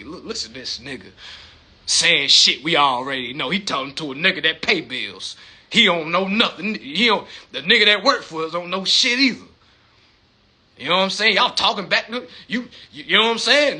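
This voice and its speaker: A man holds forth on a live stream in a profane, slang-heavy monologue. He keeps asking rhetorical questions and repeating words. His voice sits high and swings widely, and it sounds bright and husky. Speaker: livestream host.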